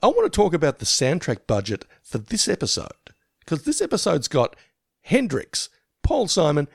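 Chatty aussie podcast guy, gravelly voice that swings up and down. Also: on the high side, huge pitch swings, normal speed, no echo, studio quality. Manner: chatty, giggly. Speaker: podcast co-host. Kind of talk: casual chat.

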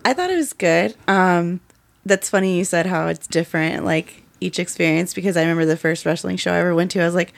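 Chatty woman co-host, slightly low. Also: fast, creaky. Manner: chatty, laughs between remarks. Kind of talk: casual chat.

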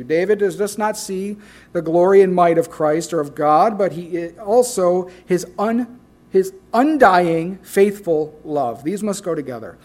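A man preaching a sermon, emphatic, swinging between loud declarations and quiet asides. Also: sits high, measured pace. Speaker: pastor.

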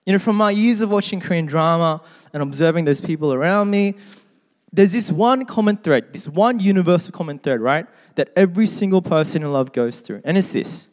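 A man's voice: on the high side, darkish tone. A man preaching a sermon in a conversational way, with joking asides, who also reads scripture aloud. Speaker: pastor. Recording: long hall reverb.

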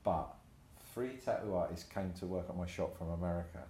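Deep-voiced older man, roomy echo. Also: brisk, a little hiss or hum. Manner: swears freely, animated anecdotes with acted-out quotes. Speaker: tattoo artist guest. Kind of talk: casual storytelling interview. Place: room in his tattoo shop. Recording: roomy echoey room.

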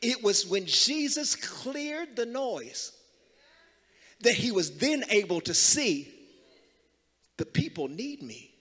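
A man pastor preaching a sermon, calling the congregation to repeat after him and building to loud, emphatic passages. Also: high voice, sing-song, slow, long pauses, breathy edge, big-room sound. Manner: call-and-response preaching, rising to loud emphasis. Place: church sanctuary.

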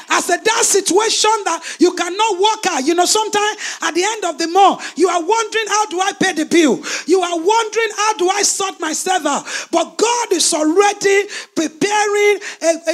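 A man preaching a fiery sermon, shouting in a sing-song preaching cadence. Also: extremely high pitch.

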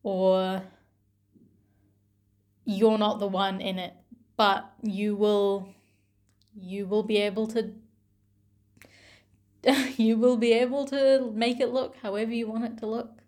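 A young woman speaks slowly and tenderly, taking her time, with a voice of ordinary middle pitch. She sounds gentle and heartfelt, pausing often and letting small laughs slip in. Her delivery is intimate and personal. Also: steady tone. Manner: slow, gentle and tender, with soft laughs and pauses. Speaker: vlogger.

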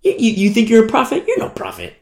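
A man's voice: high voice, wildly swooping pitch, fast, creaky, roomy sound, voice pushed up, full character voice. A man voicing a skeptic who scorns a prophet in a dismissive, sneering way. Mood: mocking. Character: scoffing skeptic mocking a prophet.

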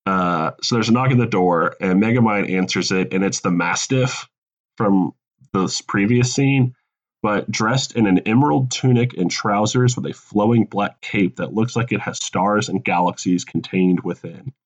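A man casually pitching a comedic movie sequel on a podcast, laughing at his own puns. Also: moderate pace, highs cut off.

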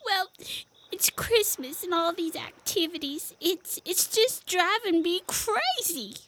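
A woman doing a high-voiced, weary mother chipmunk. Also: expressive, fairly bright tone, a little hiss or hum, full character voice. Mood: sad. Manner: firm, then tearful and halting.

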